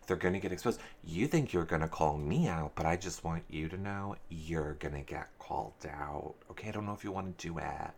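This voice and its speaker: A man doing smug condescending guy, low, quiet, patronizing. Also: brisk, vocal fry, few pauses, a little hiss or hum.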